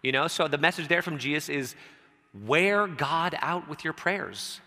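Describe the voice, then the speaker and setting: A man preaching a sermon in a conversational way, dropping soft and low, then rising when he quotes scripture. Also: unhurried. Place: church sanctuary. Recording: church hall reverb.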